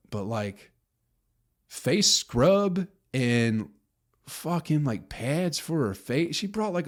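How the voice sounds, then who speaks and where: Man, solo podcast host, swearing rant, mid-pitched voice. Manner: profane, ranting, mocking impressions. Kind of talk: solo rambling podcast monologue.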